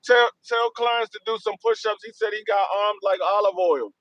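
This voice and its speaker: A man co-hosting a podcast in casual morning chat, an animated storyteller who mocks and laughs. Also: high-pitched, moderate pace, lo-fi sound, a crowd in the background. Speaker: podcast co-host.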